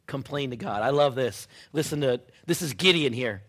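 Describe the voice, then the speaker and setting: A man preaching a sermon in a chatty storytelling way, full of "you know" and "like", and dropping to a hush now and then. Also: medium pitch, animated, normal speed. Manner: conversational storytelling with many fillers, sudden drops to a hush.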